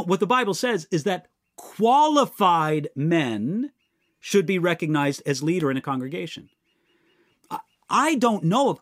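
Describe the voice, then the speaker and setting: Lively earnest male Bible teacher. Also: high-pitched, no room sound, studio quality. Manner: earnest, explanatory, addresses questioners by name. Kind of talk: live Q&A, answering viewer questions.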